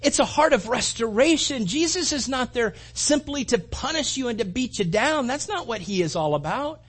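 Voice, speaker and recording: A man preaching a conversational sermon, animated and full of restarts and acted-out asides. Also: very high-pitched, moderate pace, slightly rough. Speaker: pastor.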